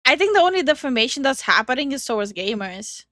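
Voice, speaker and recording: A woman's voice: sits high, sing-song, quick pace, fairly bright tone, dry recording. A woman co-hosting a react video, making incredulous, dry remarks. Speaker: YouTube react co-host. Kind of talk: casual react commentary.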